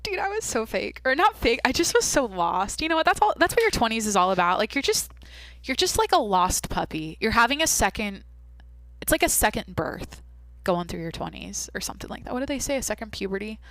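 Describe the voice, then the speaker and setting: A woman's voice: on the high side, sing-song, brisk, fairly bright tone, no room sound. Candid young woman podcaster, rambling. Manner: rambling, candid, heavy use of "like". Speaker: podcast host. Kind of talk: casual monologue.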